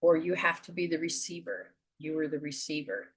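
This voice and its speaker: Woman, spiritual reading host, slow earnest counseling, lowish voice. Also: expressive, slightly rough. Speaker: host and metaphysician.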